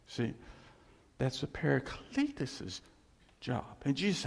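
Male preacher, gravelly and kinda husky, lively up and down delivery, big echoey church hall. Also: fairly high pitch, moderate pace. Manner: conversational, emphatic, asks the listeners questions. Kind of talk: sermon. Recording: long reverb of a large hall.

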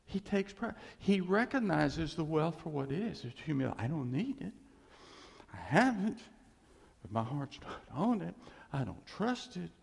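Preacher guy, chatty and emphatic, bit gravelly, kinda high voice, echoey hall. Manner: conversational, emphatic, acts out quoted voices. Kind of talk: sermon. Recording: reverberant hall.

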